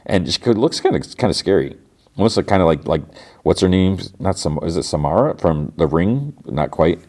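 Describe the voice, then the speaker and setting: A man's voice: low-pitched, fairly quick, a little mellow. A man hosting a podcast, casually recapping a TV episode and acting out the characters' lines as he goes. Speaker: podcast host.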